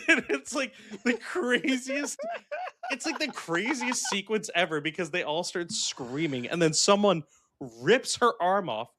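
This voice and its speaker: A man with a slightly high voice co-hosts a casual podcast chat. He talks in an animated, rambling way, peppered with fillers and frequent laughs. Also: measured pace, slight background noise. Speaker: podcast co-host reviewing a film.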